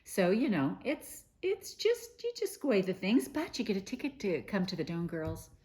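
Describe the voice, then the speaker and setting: The middle-aged host of a quilting news show talks casually to camera, chatty and gushing, with many fillers and restarts. Her mid-range voice swoops wildly in pitch at a normal speed and sounds a little mellow.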